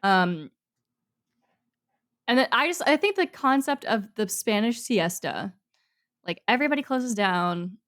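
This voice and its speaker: A woman's voice: mid-range voice, lively intonation, unhurried, pauses often, fairly bright tone. A young adult woman co-hosting a podcast in casual chat, rambling and chatty with many fillers. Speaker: podcast co-host.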